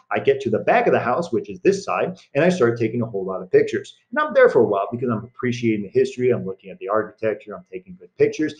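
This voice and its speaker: A man's voice: mid-range voice, highs cut off. A young man teaching a recorded history lesson, telling a long story in a casual, chatty way with many fillers.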